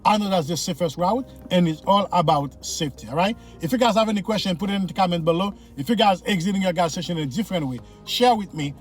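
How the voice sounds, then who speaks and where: With soft music in the background, a high-voiced driving instructor talks fast, with few pauses, while steering through city traffic. In this casual lesson commentary he addresses viewers directly, coaching them, going over points again and checking they're following.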